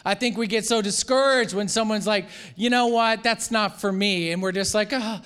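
A man preaching a sermon as pastor, animated, acting out the voices of the people he quotes, with frequent restarts. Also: sits high, moderate pace, clean tone.

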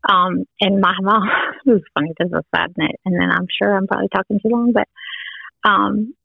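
A woman's voice: fairly even intonation, a little fast, gravelly, husky, no room sound. An older woman, a podcast guest telling family stories in a casual chat. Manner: warm storytelling with playful high quoted voices. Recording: tinny phone-like sound.

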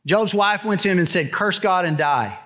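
A middle-aged pastor preaching a conversational sermon with wry asides. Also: male voice, sits high, moderate pace, a bit bright.

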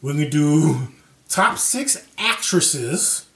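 A man co-hosts a podcast in casual, profane banter. He jokes loosely and gets animated. His voice rings out in a roomy, echoing space. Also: a little high, extremely slow, vocal fry. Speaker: podcast co-host. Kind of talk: casual chat. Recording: roomy echo.

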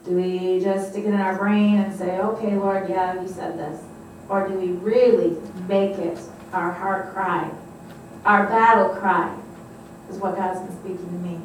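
A woman's voice: medium pitch, level tone, normal speed, a little hiss or hum. A woman leading a congregation in a fervent declaration and prayer, rousing them to repeat after her. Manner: fervent, rousing, call-and-response. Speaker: prayer leader. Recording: echoey room from far off.

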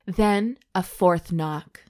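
A woman's voice: on the low side, very animated, extremely slow, a little mellow. A woman co-hosting a comedy podcast, reading an erotic story aloud with mock drama and stopping to joke. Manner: reads with mock drama, stops to joke and laugh.

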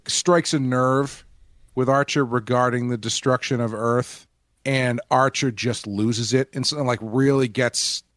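A man co-hosting a casual podcast discussion, talking in a hesitant way with many pauses and restarts. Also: medium pitch, dry recording, studio quality. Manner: hesitant, full of fillers and restarts. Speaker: podcast co-host.

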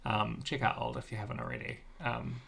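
A man's voice: medium pitch, flat delivery, fairly quick, creaky, fairly bright tone, breathy edge. A man co-hosting a podcast in casual chat, rambling and enthusiastic, with frequent restarts. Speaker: podcast co-host.

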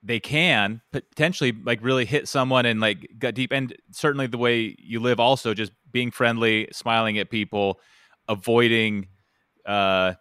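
Crisp, bright-voiced male host. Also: mid-range voice, steady tone, normal speed, no echo, studio quality. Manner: rambling, lots of "like" and "uh". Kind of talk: casual interview.

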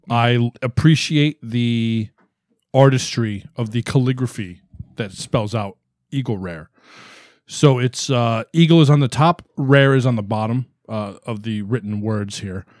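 A man co-hosting a casual podcast, describing things in a playful, deliberate way. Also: medium pitch, a little mellow, dry recording, clean studio sound. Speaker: podcast co-host. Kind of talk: casual chat.

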